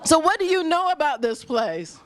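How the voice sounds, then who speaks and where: Woman, high voice, swooping lively pitch, effusive roving host in a restaurant. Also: normal speed, some chatter behind. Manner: effusive, gushing, laughs often. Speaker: roving host interviewing diners. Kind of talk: live stream chat.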